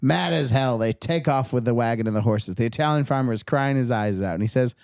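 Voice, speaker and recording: A man on a comedy podcast chatting casually and telling a joke, quiet and self-deprecating, laughing often. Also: medium pitch, brisk, gravelly, hardly any pauses, smooth, dry recording, studio quality.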